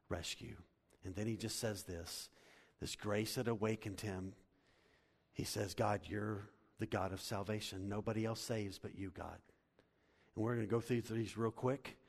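A middle-aged male pastor preaching a sermon, animated, swinging from loud to hushed. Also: fairly low pitch. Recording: long hall reverb.

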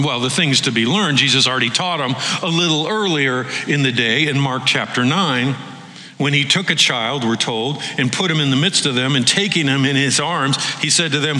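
A man preaching a sermon, animated, acting out the voices he quotes. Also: mid-range voice, roomy sound, long reverb tail, rough recording. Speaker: pastor.

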